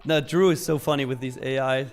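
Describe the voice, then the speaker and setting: A man's voice: medium pitch, steady tone, a little fast, faint music behind. Upbeat young man hosting a live stream. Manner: chatty, upbeat, laughs often, slang like fire. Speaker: live trading stream host. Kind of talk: casual live-stream chat reading viewer comments.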